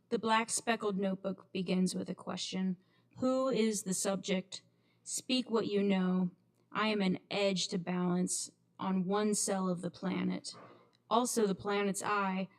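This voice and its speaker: A woman reciting her poetry at an open mic, in a slow, measured delivery. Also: medium pitch. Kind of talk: poetry reading. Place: kava bar open mic.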